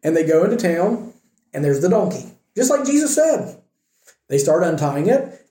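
A man's voice: a little high, very animated, normal speed, mellow. A man preaching a conversational sermon, retelling a story and asking his listeners questions. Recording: echoey room.

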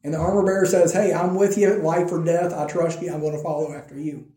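A man giving a conversational sermon, telling a Bible story with animated delivery and acting out the quotes. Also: fairly high pitch, quick pace, echoey room. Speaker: preacher.

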